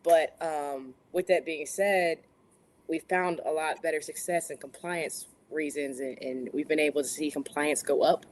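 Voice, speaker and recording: A woman's voice: low voice, steady tone, a little slow. A woman guest explaining her product in a chatty, eager way, laughing easily. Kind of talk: casual interview answers.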